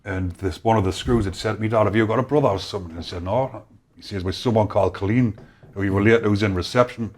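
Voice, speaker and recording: Speaking fast in a lowish voice, this North East English man is a podcast guest spinning stories in casual conversation, acting out the voices of the people he quotes.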